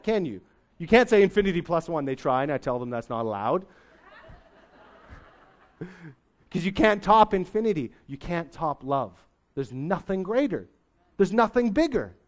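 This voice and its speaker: A man's voice: fairly high pitch, a little mellow. A middle-aged man preaching a sermon as pastor, in a folksy, conversational way with homely sayings.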